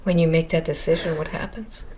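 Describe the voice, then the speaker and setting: A woman hypnotherapist guides a session with short, gentle questions and soft murmured affirmations. Her voice sits fairly low. A clear hiss of noise runs behind her. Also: fairly even intonation, brisk. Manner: quiet, brief, gentle prompts and murmured affirmations. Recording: noisy session recording.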